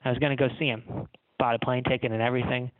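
A man's voice: mid-range voice, level tone, quick pace, a little hiss or hum, lightly acted. A man voicing a tiny, bitter male pianist in a story he reads aloud, speaking plainly with sudden stresses. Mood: hurt. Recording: tinny phone-like line.

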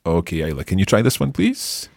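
A man hosting a podcast language lesson, modelling phrases slowly and patiently for a learner. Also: low voice, huge pitch swings, gravelly, a little mellow, no room sound, studio quality. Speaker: language teacher and host.

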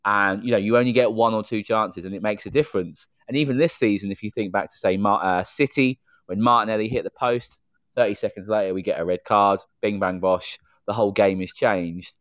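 A man's voice: fairly low pitch, steady tone, fairly quick, fairly bright tone, no echo. Chatty man on a dry-sounding podcast. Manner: chatty, strings thoughts with "you know". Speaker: podcast co-host. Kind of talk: casual chat.

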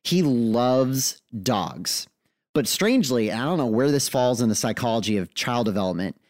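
A man co-hosting a podcast, telling a funny parenting story in a playful, animated way. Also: medium pitch, normal speed, dry recording, studio quality. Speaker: co-host, father. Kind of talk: casual storytelling.

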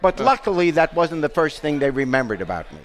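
A man's voice: on the high side, sing-song, fairly quick. An older man from England, hosting a podcast and telling a story in casual chat, with dry jokes. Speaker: podcast host.

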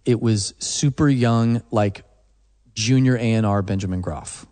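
A man's voice: lowish voice, a little slow, mellow, in a large hall. A man, a musician guest, telling a story in a casual interview and acting out the phone calls he once made.

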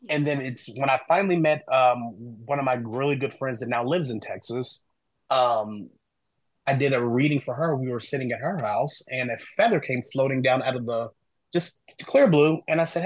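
A man, a guest on a podcast, telling personal stories in an animated, conversational way and acting out the voices of friends he quotes. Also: mid-range voice, moderate pace, dry recording, poor audio. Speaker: guest, human design reader and author.

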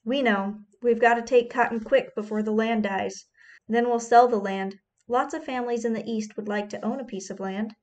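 A woman's voice: a little high, steady tone, moderate pace, a little mellow, lo-fi sound, natural voice. A woman reading the lines of stern landowning men, firm and matter-of-fact in her own voice.

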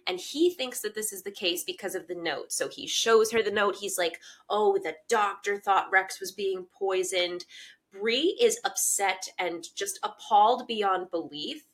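A young woman co-hosting a casual recap chat, eager and agreeable, quick to chime in. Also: mid-range voice. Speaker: podcast co-host.

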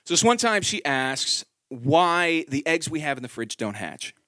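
A man in his thirties performing a stand-up comedy set, telling a story with animated delivery and acted-out quotes. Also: a little high, unhurried, no echo, studio quality.

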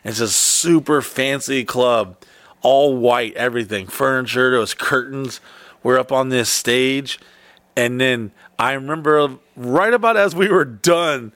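A man telling rambling, profane stories in a casual chat. He talks in quick bursts at a mid pitch. The sound is dry and close. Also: fairly bright tone, no echo.

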